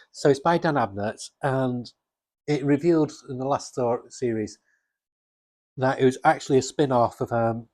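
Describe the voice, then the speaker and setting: A man with a husky voice chatting casually and enthusiastically about comics, rambling with restarts. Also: mid-range voice, a little mellow, no room sound. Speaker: comics vlogger. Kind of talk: casual chat.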